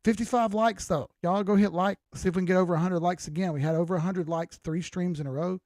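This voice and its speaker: An older man hosts a crypto livestream, talking loosely and with profanity as he reads out viewer comments in casual chat. His voice is high with a darkish tone and fairly even intonation, and he talks fast. The sound is clean studio quality with no echo.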